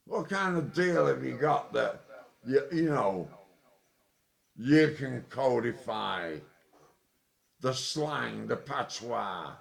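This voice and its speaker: A tipsy man delivering an angry, sweary, rambling monologue, with sudden loud outbursts. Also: mid-range voice, animated, slow pace, creaky, pauses often. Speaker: vlogger. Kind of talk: ranting monologue.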